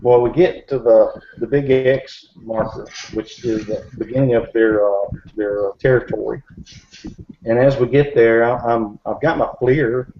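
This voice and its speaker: A man's voice: mid-range voice, fairly even intonation, unhurried. A man telling a story in casual talk, rambling with many fillers and restarts. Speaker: bigfoot researcher. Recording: dull recording with faint hiss.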